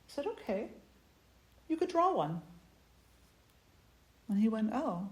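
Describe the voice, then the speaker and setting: A woman spiritual teacher giving a satsang talk, telling stories gently in short, unhurried phrases. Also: on the high side, animated. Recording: echoey room.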